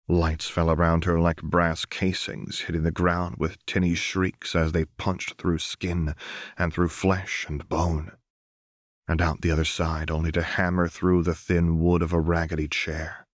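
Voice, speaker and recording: A man narrating fan fiction as an audiobook in a slow, measured, dramatic reading. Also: deep voice, little pitch movement, dry recording, clean studio sound.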